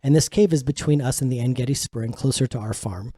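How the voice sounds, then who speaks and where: Mellow dry-sounding guy cohosting a radio chat, rambles and restarts his sentences. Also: medium pitch, quick pace, breathy edge, no room sound. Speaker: radio show co-host. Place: home office room built into a hillside.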